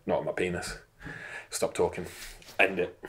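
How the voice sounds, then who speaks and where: A man in his thirties co-hosting a laid-back fitness chat. He rambles, swears freely and pokes fun at himself. His voice sits a touch low. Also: steady tone, moderate pace, fairly bright tone. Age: 30s. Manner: rambling, sweary, self-mocking. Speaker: podcast co-host. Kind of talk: casual banter.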